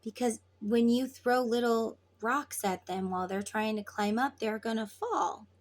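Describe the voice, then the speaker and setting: A woman tarot reader with a somewhat higher voice, talking slowly and taking her time. She sounds earnest and casual, repeats key phrases and swears freely. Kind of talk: spiritual advice talk.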